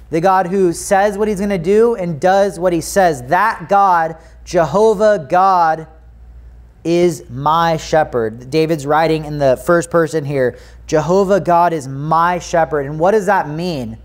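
An American man with a light, high-pitched voice delivers a Sunday sermon in a church. He reads scripture and prays, then talks to his congregation in an earnest, chatty way. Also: animated, takes it slowly. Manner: earnest, conversational preaching with prayer and scripture reading. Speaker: pastor. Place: church sanctuary.

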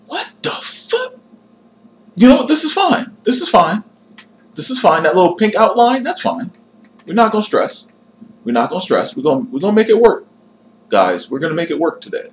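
A man's voice: on the high side, big pitch swings, moderate pace, slight background noise. Chatty young man streaming a game. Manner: chatty, talks to chat while tinkering, self-deprecating. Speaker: gaming livestreamer. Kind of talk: casual livestream commentary.

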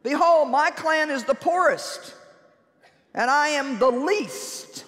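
A woman's voice: high voice, lively intonation, slow pace, fairly bright tone, pitched above the performer's own voice, exaggerated voice. A woman preacher voicing a timid young man who feels worthless, in a whiny, wimpy pleading voice, heard in a large reverberant hall.

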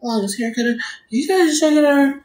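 A woman's voice: sits high, normal speed, darkish tone. A woman chatting casually and playfully on a livestream, joking and cursing at her viewers. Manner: playful, profane, talks straight to the chat. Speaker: livestream host. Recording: echoey room, faint noise.

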